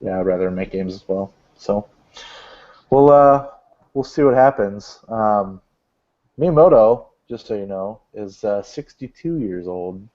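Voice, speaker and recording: A man's voice: fairly low pitch, animated, unhurried. A man hosting a casual podcast, reading out gaming news in a rambling, joking way with lots of fillers. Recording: dull lo-fi podcast audio.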